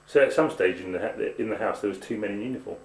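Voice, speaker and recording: Man, deep voice, brief casual questions; echoey camcorder sound. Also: quick pace, creaky. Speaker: family interviewer. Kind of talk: casual family interview. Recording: echoey room, camcorder audio.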